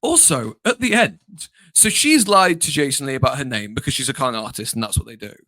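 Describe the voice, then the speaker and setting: A man's voice: medium pitch, animated, brisk, bright, forceful tone, dry recording. A man in his thirties co-hosting a podcast, chatting casually and animatedly, laughing and retelling scenes in little put-on voices. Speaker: podcast co-host. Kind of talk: casual chat. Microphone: home mic on a stream.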